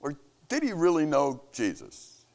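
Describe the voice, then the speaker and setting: A man's voice: wildly swooping pitch, a little slow, a little mellow. A man giving an earnest devotional message to camp staff, preaching with rising and falling emphasis. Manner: earnest, preaching, rises and falls in pitch. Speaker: camp leader.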